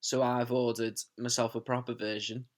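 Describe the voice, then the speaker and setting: A man's voice: mid-range voice, level tone, normal speed. A man, a teacher chatting to his pupils and then reading a storybook aloud from his sofa at home, chatty and often laughing at himself. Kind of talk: casual chat then storybook read-aloud. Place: home living room, on a sofa. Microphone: camera in front of him.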